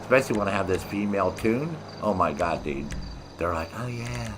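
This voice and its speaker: A laid-back man talks through his gameplay in a loose, profane, rambling way. His voice sits a little low. Steady noise and chirping crickets hum behind him. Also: a little fast. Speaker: gameplay streamer. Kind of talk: casual gameplay commentary.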